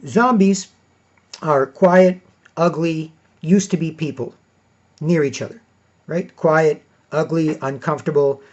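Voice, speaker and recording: A man's voice: fairly high pitch, takes it slowly, long pauses. A man talking in a casual monologue as a podcast host, rambling and padding his points with "you know" and "right". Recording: dull lo-fi recording.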